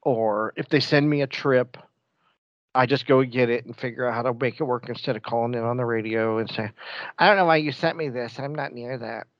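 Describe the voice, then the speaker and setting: A man chatting casually about his bus-driving job, with a medium-pitched voice and a joking, animated way of telling stories. The sound is dry and a little dull, like a lo-fi recording. He acts out what he says to others, then drops back to plain talk. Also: a little fast, no room sound. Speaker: bus driver. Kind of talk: casual chat.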